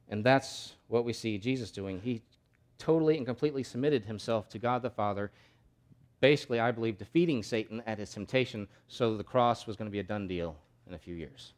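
A male pastor preaching a sermon, emphatic, asking rhetorical questions and swinging between loud and soft. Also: lowish voice, fairly quick.

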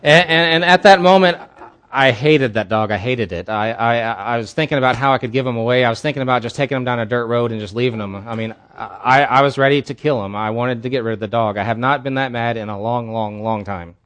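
A man's voice: mid-range voice, a little fast, a bit bright. A man preaching as a pastor at a church service, telling a candid personal story in an earnest way. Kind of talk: sermon.

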